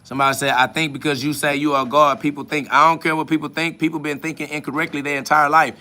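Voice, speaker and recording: A man's voice: on the high side, little pitch movement, fast talker, bright, forceful tone. A man hosting a podcast, answering listener comments in a profane, mocking spiritual rant.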